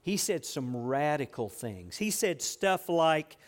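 A man's voice: a little high, sing-song, takes it slowly. A middle-aged man preaching a sermon in a church, asking his listeners rhetorical questions. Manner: asks the audience rhetorical questions. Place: church building.

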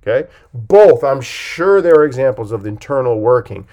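A man who coaches, talking on a podcast in an emphatic way, with lively swings in pitch and loudness, often checking in with "okay?". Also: normal speed. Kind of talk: podcast talk.

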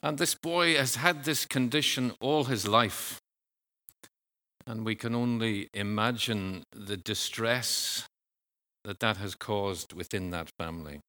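A man preaching a sermon in a measured, earnest way, pausing and sometimes restarting phrases. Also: on the low side, bright, forceful tone.

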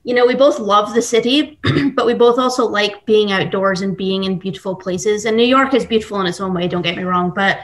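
A woman's voice: mid-range voice, fairly even intonation, fairly quick, hardly any pauses. A young woman with a Scottish accent, a baker chatting upbeat as a podcast guest, with many fillers. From Scotland and Texas. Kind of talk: casual podcast interview.

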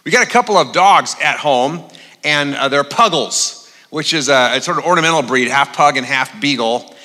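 A male pastor with a fairly high, expressive, pushed and bright voice preaches at normal speed in a large church auditorium. His sermon is conversational and funny, dotted with frequent "uh" fillers, and the recording carries the long reverb of a big hall.

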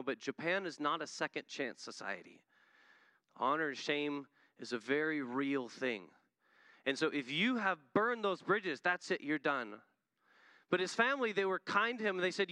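Earnest preacher, man, fairly high voice, builds to emphatic peaks mid-sermon. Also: pushed and bright, dry recording. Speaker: missionary preacher.

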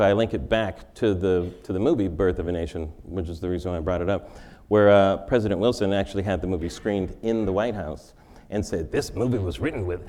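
A man's voice: low-pitched, darkish tone, a little hiss or hum. A male comedian giving a wry comic lecture in a large forum, interviewing himself and laughing at his own jokes.

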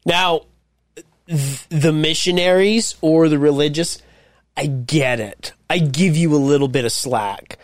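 A man's voice: a little high, measured pace, no room sound, clean studio sound. A man co-hosting a podcast in a casual chat, wry and swearing often as he gripes. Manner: wry, swearing, laughs at stories. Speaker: podcast co-host.

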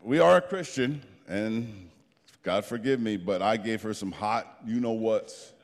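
A man in his fifties from New Jersey telling an animated, plain-spoken story as a guest speaker to a group. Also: on the low side, unhurried, big-room sound. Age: 50s.

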